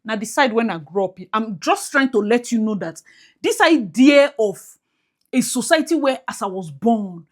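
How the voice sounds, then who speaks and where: A woman's voice: a little high, expressive, moderate pace. A woman with a Nigerian accent talking to her viewers in a casual commentary vlog, emphatic, with pidgin-flavored asides. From Nigeria, Port Harcourt. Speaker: YouTube commentator.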